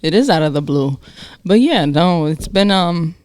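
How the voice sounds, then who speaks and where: A woman co-hosting a podcast in casual chat, candid and animated, laughing often. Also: fairly low pitch, normal speed. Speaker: podcast co-host.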